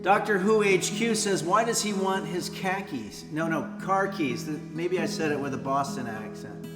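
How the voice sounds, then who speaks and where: A man's voice: fairly high pitch, normal speed. A man hosting a casual livestream, joking and reading viewer comments aloud between songs. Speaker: streamer host. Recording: roomy echo with long reverb and loud guitar. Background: guitar music.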